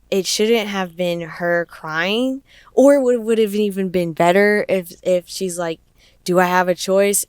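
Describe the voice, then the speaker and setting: A young woman talks through her podcast in a loose, chatty way, laughing easily. She speaks slowly and her voice is smooth and clear. The recording is close and dry, with no room sound. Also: lowish voice, dry recording. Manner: chatty and expressive, laughing often. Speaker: podcast host. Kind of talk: casual solo podcast commentary.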